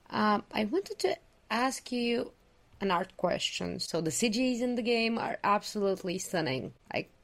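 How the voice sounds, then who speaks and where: A woman podcast host asking questions in a friendly, enthusiastic way. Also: medium pitch. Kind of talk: casual interview chat.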